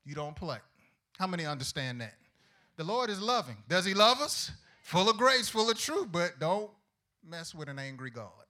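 A man's voice: sits high, big pitch swings, moderate pace, sharp tone. A man preaching a sermon to young people as pastor, with a folksy, humorous manner and frequent questions thrown to the congregation. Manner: folksy, humorous delivery with acted-out prayers.

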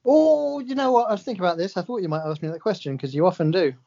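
A man's voice: high-pitched, expressive, quick pace, creaky, mellow. Dry, chuckling man on a podcast. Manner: dry, self-mocking, chuckling. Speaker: podcast co-host. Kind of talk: casual chat. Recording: dull lo-fi podcast audio.

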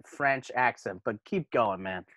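A man's voice: medium pitch, measured pace, background noise. A man guesting on a casual podcast chat, laid-back and teasing, slightly buzzed from beer. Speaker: guest, comic book writer.

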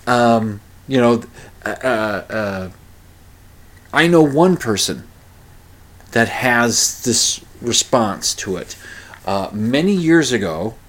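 A man's voice: mid-range voice, animated, takes it slowly, pauses often, fairly bright tone. A middle-aged man hosting a podcast in a casual monologue, rambling with many fillers and restarts. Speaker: podcast host.

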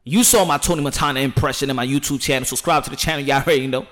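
A man hosting a boxing channel, talking excitably and loudly with lots of slang and repetition before an interview. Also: mid-range voice, rapid-fire, few pauses. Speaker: boxing show host. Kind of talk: hyped-up channel talk and interview.

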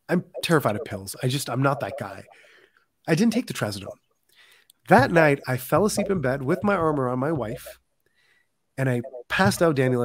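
A man's voice: mid-range voice, no echo, clean studio sound. A man telling his own insomnia story as a podcast guest, speaking candidly, addressing the host by name and acting out what others said. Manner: animated, addresses the host by name, acts out quoted lines.

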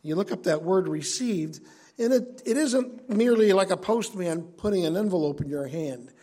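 A man's voice: sits high, lively intonation, normal speed, warm tone. A male preacher giving an earnest sermon that explains scripture in a conversational way.

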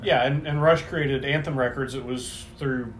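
A man's voice: medium pitch, steady tone, moderate pace, slight background noise. A man in his forties in casual chat, rambling and correcting himself as he goes, swearing freely.

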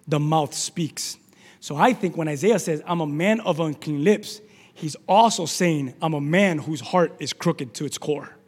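A man preaching a sermon, shouting at times and then dropping to a hushed, low delivery. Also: slightly rough. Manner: shouting, dramatic swings from loud to hushed. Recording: long reverb of a large hall.

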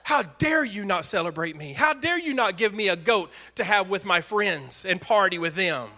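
A preacher voicing an indignant older brother. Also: male voice, high voice, expressive, normal speed, bright, forceful tone. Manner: indignant, complaining. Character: resentful older brother, indignant young man.

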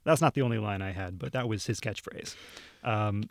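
Speaking fairly quickly in a lowish, gravelly voice, a young video producer tells laid-back stories on a podcast, filling them with fillers and easy laughs. The studio microphone gives a clean sound with no room to it.

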